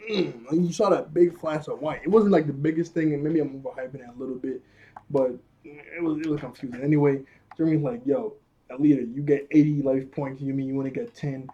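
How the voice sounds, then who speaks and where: A man's voice: a little high, mellow, slightly rough, dull audio. A man casually recapping a cartoon episode, chatty and rambling, laughing often and using slang.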